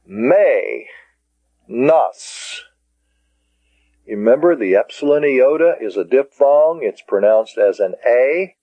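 A man teaching a taped language lesson, speaking deliberately and spelling words out syllable by syllable. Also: mid-range voice, lively intonation, warm tone, no echo. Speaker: Greek teacher. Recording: dull lo-fi cassette tape.

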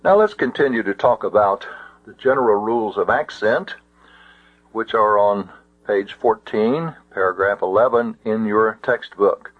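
A man teaches a class in a slow, unhurried lecture, stopping often with fillers as he gathers his thoughts. His voice is dry and close, with nothing of the room around it, and it comes through thin and narrow like a phone line. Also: on the low side, no room sound. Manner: slow and deliberate, with frequent pauses and fillers.

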